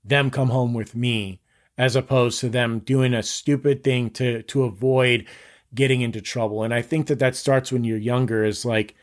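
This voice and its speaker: A man's voice: mid-range voice, steady tone, normal speed. A man in his thirties, a podcast guest, talking earnestly and rambling in casual conversation, often saying "like". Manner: earnest, rambling, heavy use of "like".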